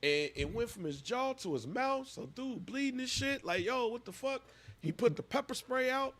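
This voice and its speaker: A man's voice: very high voice, lively intonation, normal speed, fairly bright tone. A man in his thirties, a podcast co-host, telling a story with lots of animation and acting out voices in casual chat.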